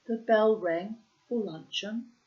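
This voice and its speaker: Slow, measured woman reading a story. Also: mid-range voice, dull audio. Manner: measured, unhurried storytelling with quoted dialogue. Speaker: reader. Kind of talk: audiobook narration of a short story.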